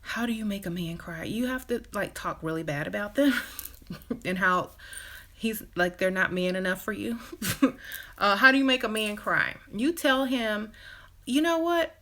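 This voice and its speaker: A relationship advice channel host speaks at a moderate pace in a medium-pitched, sharp-toned voice. On her live stream she chats casually, acting out quoted dialogue in other voices, with frequent "you know" fillers and brief laughs.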